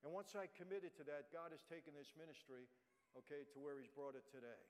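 A man preaches his testimony in a blunt, plain-spoken way, talking right at the crowd. His voice sits a little higher than most men's. A long reverb from a big hall trails behind every line. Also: fast talker. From New York, USA. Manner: blunt, conversational, addresses the audience directly. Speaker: guest speaker. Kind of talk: testimony sermon. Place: church.

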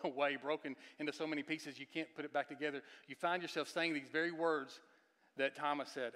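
A man's voice: on the high side, steady tone, brisk. Emphatic male preacher in a reverberant hall. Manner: emphatic, rising to near-shouts then dropping to hushed, confessional tones; repeats words and restarts, asks the audience questions. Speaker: guest preacher. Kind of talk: sermon. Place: church sanctuary. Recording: long reverb of a large church hall.

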